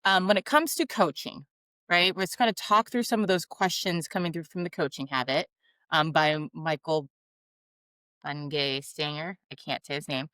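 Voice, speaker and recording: A woman with a slightly low voice hosts a conversational interview. She speaks hesitantly and fills her pauses with small filler words. The sound is close and dry. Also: steady tone, fairly bright tone, no echo. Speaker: host.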